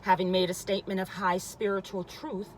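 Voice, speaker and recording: A woman reads a spiritual book aloud at a mid pitch, weighting key lines. She breaks off now and then to repeat a passage or comment on it, with a faint hiss behind her. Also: flat delivery, fairly quick, poor audio. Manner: emphatic, stops to repeat and comment. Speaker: reader.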